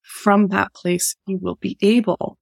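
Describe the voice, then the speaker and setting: A woman guest in an interview, giving slow, heartfelt, gentle advice in a coaching tone. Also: mid-range voice, level tone, creaky, dry recording, studio quality. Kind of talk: reflective interview answer.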